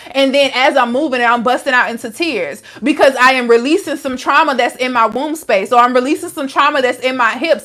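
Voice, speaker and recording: Her voice sits high and sounds a bit bright as this young adult wellness coach takes viewer questions on a live stream. She talks frankly and casually, dropping "like" and slang all the time.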